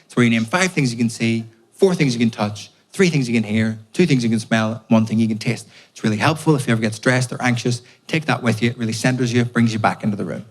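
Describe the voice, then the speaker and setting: A man's voice: mid-range voice, quick pace. A man from Belfast with a Northern Irish accent, telling anxious, profane, self-mocking stories in a stand-up set. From Belfast, Northern Ireland. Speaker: stand-up comedian. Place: comedy club stage with live audience. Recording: live stand-up with audience laughter.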